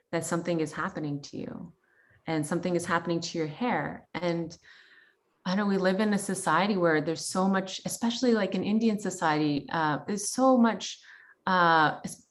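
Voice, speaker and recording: With a lowish voice, a woman in her thirties from Canada speaks as a guest, sharing a personal story in an open, chatty manner filled with fillers and quoted thoughts.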